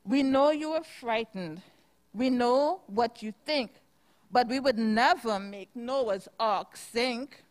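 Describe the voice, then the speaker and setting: A pair of tiny, timid termites speak in a soft, earnest storybook voice, as a woman reading aloud puts them on. Slow and fairly high, they sound eager to help. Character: two tiny timid termites, kind-hearted.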